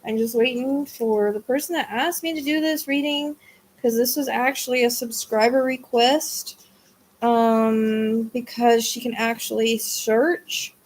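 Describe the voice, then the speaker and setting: A woman hosts a casual livestream from home and sounds tired and drained. Her voice sits a little high, and she rambles, starting sentences over and letting them trail away. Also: steady tone, measured pace, a little hiss or hum. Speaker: psychic livestream host. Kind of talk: casual livestream chat with viewers.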